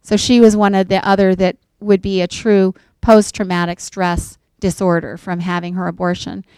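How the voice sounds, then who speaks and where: Earnest woman telling a story, smooth voice. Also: medium pitch, little pitch movement, moderate pace, darkish tone, dry recording. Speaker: pregnancy center counselor speaking to a group. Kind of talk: faith-based talk to an audience.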